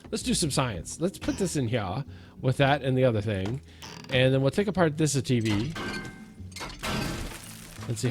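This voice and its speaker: A man's voice: medium pitch, a little mellow. A man hosting a let's-play, giving jokey, self-mocking commentary as he talks to himself and the zombies in the game. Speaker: gaming let's-play host. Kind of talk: casual gameplay commentary.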